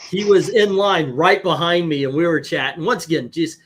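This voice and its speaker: A man hosting a stream, telling profane, animated anecdotes in casual chat. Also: a little high, normal speed, breathy edge. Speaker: host. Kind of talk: casual storytelling on a live stream.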